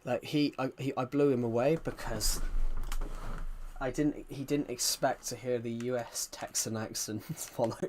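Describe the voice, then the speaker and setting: A man's voice: medium pitch, steady tone, a little slow, darkish tone, a little hiss or hum. Rambling man with a West Country accent. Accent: West Country English. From rural England. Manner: rambling, repeats phrases, keeps addressing viewers as guys. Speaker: streamer. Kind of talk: casual live-stream chat.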